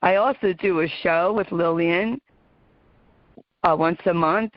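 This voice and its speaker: A middle-aged American woman talks to her radio listeners, heartfelt and quick to laugh. She speaks slowly and takes her time. The recording is muffled and dry, with no room sound. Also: lowish voice, dry recording. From United States. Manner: heartfelt, emotional, laughs often. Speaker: radio show host. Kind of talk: personal talk to listeners.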